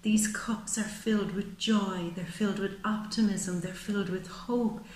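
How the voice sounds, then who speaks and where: A woman giving a monthly tarot reading, expressive and repeating words for emphasis. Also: medium pitch, measured pace, a little hiss or hum. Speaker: tarot reader. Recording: roomy echo.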